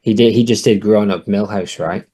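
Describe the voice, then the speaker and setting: A man co-hosts a podcast in loose, casual chat. He is jokey and laughs often, and his voice sits fairly low. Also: steady tone, normal speed, warm tone, breathy edge. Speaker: podcast co-host.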